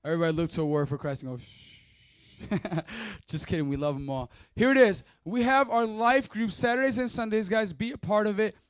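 A man's voice: high voice, fast, clear, resonant tone, no room sound. A man leading a church service as pastor, joking and playful, firing up the crowd into a mic. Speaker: youth pastor. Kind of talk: energetic church service talk. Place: church hall.

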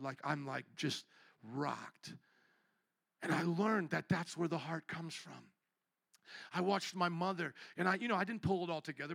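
High gravelly-voiced preacher man. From American Midwest. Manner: animated, acts out voices and signs in stories. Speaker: pastor. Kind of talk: sermon with personal storytelling.

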